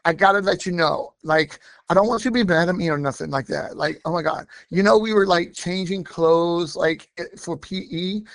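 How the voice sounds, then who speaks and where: Brief: man doing a gushing, flustered young woman, slightly high and hushed. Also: normal speed, creaky, few pauses, no room sound. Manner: breathless, repeated exclamations. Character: giggly young woman mimicked in a story.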